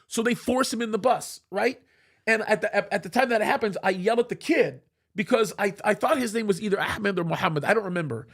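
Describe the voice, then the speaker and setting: High-voiced man telling a lively story. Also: fast talker. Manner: animated, acts out quoted speech. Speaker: show host. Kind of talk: casual studio storytelling. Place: studio.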